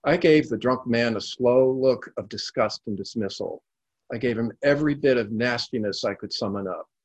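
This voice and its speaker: A man reading a story in a measured, calm narration. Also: mid-range voice, dry recording, highs cut off.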